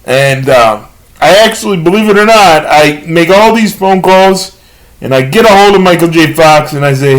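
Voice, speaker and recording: Male amateur comic, slightly high voice, halting delivery full of fillers, self-deprecating. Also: expressive, poor audio. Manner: halting, with many pauses and fillers. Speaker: amateur comedian. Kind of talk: self-recorded stand-up comedy monologue.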